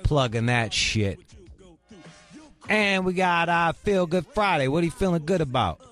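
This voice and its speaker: A man's voice: on the high side, expressive, unhurried, a bit bright, faint music behind. A man hosting a radio show, talking in a crude, brash, rambling way. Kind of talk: casual uncensored radio chat. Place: radio studio.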